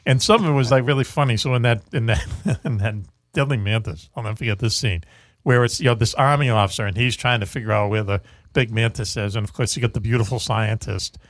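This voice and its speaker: A male talk-radio host rambles through casual chat, full of fillers and little laughs. His voice sits at an ordinary pitch. The sound is dry and close, with no room echo. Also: fast. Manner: rambling, chuckling, many fillers.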